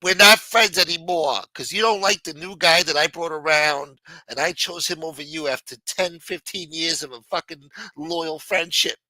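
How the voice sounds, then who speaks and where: A man voicing an indignant mob boss in a comedic phone skit, shouting and profane. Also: mid-range voice, normal speed, no room sound, poor audio. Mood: annoyed. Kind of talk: comedic prank-call skit.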